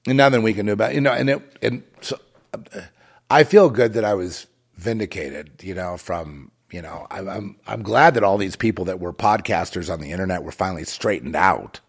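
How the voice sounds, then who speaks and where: A man's voice: deep voice, fairly quick, creaky, slightly rough. A man delivering a rambling, moralizing monologue with a sardonic, digressive way of talking.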